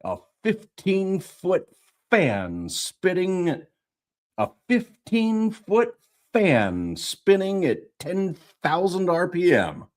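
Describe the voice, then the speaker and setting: Slow, animated audiobook narrator. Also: medium pitch. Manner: retakes lines and repeats phrases; animated, playful voice acting. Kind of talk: live fantasy audiobook reading.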